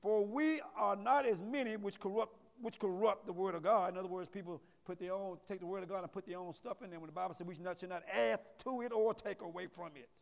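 High-voiced preacher in an echoing hall. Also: male voice, fast talker, vocal fry, hardly any pauses. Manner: call-and-response preaching, repeats words, rising to loud emphasis. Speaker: pastor. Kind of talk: sermon. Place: church sanctuary. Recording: long reverb of a church hall.

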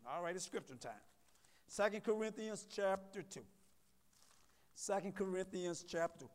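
In an echoing church sanctuary, a high-voiced male pastor delivers an animated sermon at a moderate pace with long pauses. He preaches call-and-response style, repeating words and climbing to loud emphasis, all wrapped in the hall's long reverb.

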